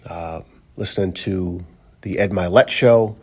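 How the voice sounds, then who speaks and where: A man's voice: low voice, a little slow, breathy edge. A man hosting a daily motivational podcast, talking earnestly in a rambling, casual way with many fillers and repeated phrases. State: briefly choked up. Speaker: motivational podcast host, coach. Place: driving to work, in a car.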